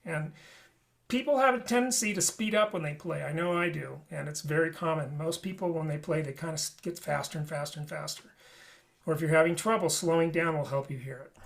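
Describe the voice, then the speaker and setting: A man's voice: fairly high pitch, fairly quick, creaky. A man teaching a flute lesson in a webinar, talking conversationally and often checking in with "right?". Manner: demonstrates and explains playing habits.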